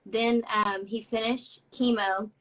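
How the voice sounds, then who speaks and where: A young woman with a drawl hosts a casual live stream and reads fan messages aloud. Her voice is bright and a little high. She talks in a chatty, effusive way. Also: fairly even intonation, slow, rough recording. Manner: chatty and effusive, gets emotional reading notes. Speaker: host of a live social media show.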